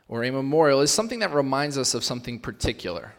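A man's voice: medium pitch, big pitch swings, fast talker. A young man preaching a sermon as pastor, speaking in a casual style with fillers and lifting his voice to stress the scripture he reads. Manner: conversational, with fillers, rising emphasis when reading scripture. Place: church hall. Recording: long reverb of a church hall.

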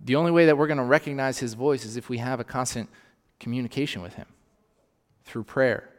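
A man's voice: mid-range voice, steady tone, a little fast, big-room sound. A male pastor preaching in a conversational way, often checking in with his congregation. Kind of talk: sermon.

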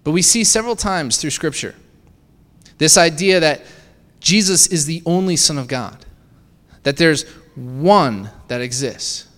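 Preaching man in an echoing hall. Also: on the high side. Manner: conversational, asks the congregation rhetorical questions with frequent "right?". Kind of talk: sermon.

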